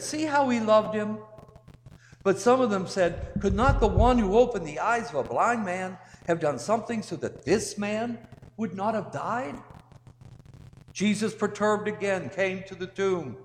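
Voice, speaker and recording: A man preaching as a priest, reading the gospel and giving a sermon slowly and deliberately, with emphatic rises. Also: high voice. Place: church. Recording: echoey church hall, long reverb.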